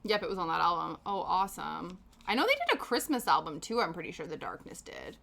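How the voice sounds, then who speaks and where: Bright-voiced woman streamer chatting. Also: lowish voice, very animated, quick pace, creaky. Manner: chatty and rambling, answering chat with frequent laughs. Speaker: live-stream host. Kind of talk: casual chat while knitting on stream.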